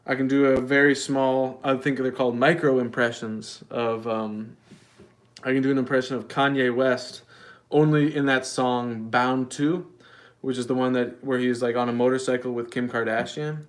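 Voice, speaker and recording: A man hosting a casual livestream, answering chat questions with deadpan, mock-earnest rambling. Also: mid-range voice, moderate pace. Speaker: livestream host.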